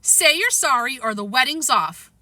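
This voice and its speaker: Casting: woman voicing a high, bossy, gushing girl. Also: lively intonation, normal speed, bright, forceful tone, dry recording, full character voice. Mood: upset, bossy.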